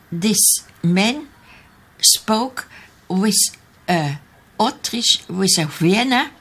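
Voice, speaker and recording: Slow, halting older woman. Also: medium pitch, a bit bright, breathy edge. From Austria. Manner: halting, searching for English words. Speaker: interviewee, eyewitness. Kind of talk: recalled testimony in an archive interview.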